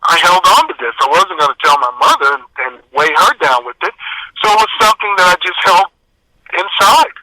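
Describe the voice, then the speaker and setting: A man's voice: sits high, big pitch swings, brisk, sharp tone, no room sound, poor audio. A man from San Antonio with a Texan accent, a guest telling his life story in an earnest, emphatic way. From San Antonio, Texas. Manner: earnest, emphatic retelling with acted quotes. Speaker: interview guest. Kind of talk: personal storytelling.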